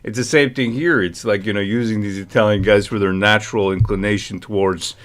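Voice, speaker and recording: A man's voice: on the low side, fairly even intonation, fairly quick. A man co-hosting a livestream, rambling in casual chat, reading the chat and laughing often. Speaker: livestream co-host.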